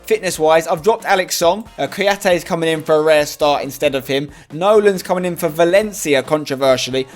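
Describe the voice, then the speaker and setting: A young man hosting and commentating on a football management game, swinging from hopeful to loud frustration. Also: on the high side, a little fast, few pauses. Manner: excitable, groans loudly at conceded goals. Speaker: host. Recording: faint music behind.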